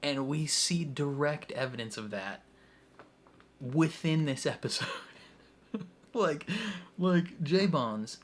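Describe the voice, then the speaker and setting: A man's voice: a little high, animated, slow, pauses often. A young man hosting a TV reaction video, rambling casually with lots of "like" and frequent laughter. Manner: rambling, laughs often, heavy use of "like".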